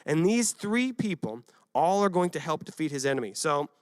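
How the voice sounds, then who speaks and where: A young man giving a casual youth sermon, retelling a Bible story with lively acted quotes and frequent asides to his listeners. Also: fairly high pitch, normal speed, no room sound. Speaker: youth pastor.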